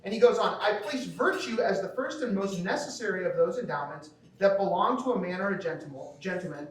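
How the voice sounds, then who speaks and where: A man's voice: high-pitched, expressive, a little fast. A man from the American Midwest giving a conversational lecture at a school banquet, often checking in with the audience by asking "okay?". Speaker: teacher. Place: large banquet hall. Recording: echoey hall, from far off.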